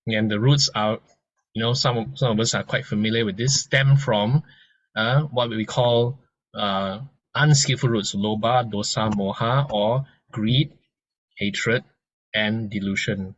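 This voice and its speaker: A man giving a gentle, conversational dharma lesson, explaining ideas through a story and often restarting his sentences. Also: lowish voice, a little slow, muffled recording, a little hiss or hum. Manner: gentle and conversational, many restarts and soft laughs. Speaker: dharma teacher. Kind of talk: informal lecture with analogies.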